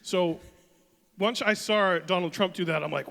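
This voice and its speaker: A man's voice: high-pitched, normal speed, vocal fry, a bit bright. Storytelling male comedian in a hall. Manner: storytelling, casual. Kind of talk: stand-up comedy duo set. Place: small arts venue stage. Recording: long hall reverb.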